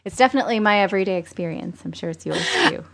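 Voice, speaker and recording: A pregnant woman in her thirties hosts a casual conversation. She is chatty and laughs often. Her voice sits at an ordinary middle pitch. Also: racing, creaky, fairly bright tone, a little hiss or hum. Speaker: podcast host. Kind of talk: casual chat.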